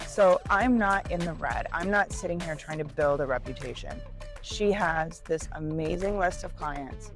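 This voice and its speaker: A woman's voice: lowish voice, low-quality recording. A woman talking candidly in a vlog, emotional and rambling, about her experiences as a new business owner.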